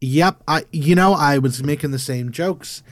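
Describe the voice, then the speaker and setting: Dry, fairly high-voiced male co-host. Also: a little slow, no room sound. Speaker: podcast co-host. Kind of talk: casual chat, reading out scores.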